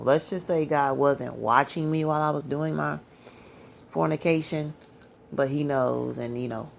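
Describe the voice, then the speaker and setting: A tired woman telling a personal religious testimony in a rambling, halting way, full of fillers. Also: rumbling low, gravelly, slight background noise. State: tired, yawning. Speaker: Christian testimony speaker.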